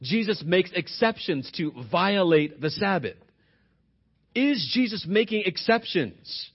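A man preaching a sermon in an emphatic way, pressing his listeners with question after question. His voice is husky and sits a little high for a man. The recording sounds dull and lo-fi. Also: very animated, unhurried. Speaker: pastor.

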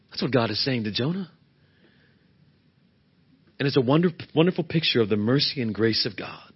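A man preaching a sermon as pastor, swinging between loud emphatic peaks and hushed, low passages. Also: breathy edge, dull audio.

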